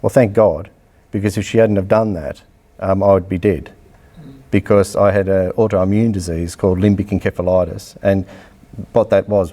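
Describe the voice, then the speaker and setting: A middle-aged Australian man, an athletics coach, telling a personal story in a public lecture, blunt and animated, acting out bits of dialogue. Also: sits low, normal speed.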